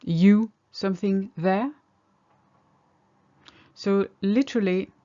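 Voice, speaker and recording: A woman's voice: mid-range voice, darkish tone, dull audio. A woman teaching a language lesson, patiently explaining each example step by step. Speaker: French teacher.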